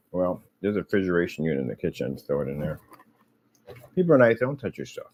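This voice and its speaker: A man's voice: low voice, big pitch swings, fast talker, a little mellow. A man vlogging casually from an office room, rambling and chatting to himself and his pet.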